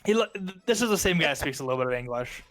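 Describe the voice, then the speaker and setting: A man's voice: on the high side, animated, rapid-fire, a bit bright. A man narrating as game master of a tabletop game, hesitant and full of ums.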